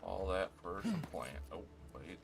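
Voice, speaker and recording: A man's voice: low-pitched, wildly swooping pitch, unhurried, vocal fry. A man streaming a video game, muttering casual, mildly grumbling remarks as he plays. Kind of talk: casual gameplay commentary. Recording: streaming mic with background noise.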